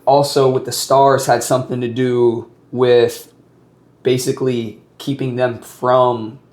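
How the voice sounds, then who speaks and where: A man interviewing a guest, asking questions in a halting, hesitant way. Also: medium pitch, level tone, darkish tone.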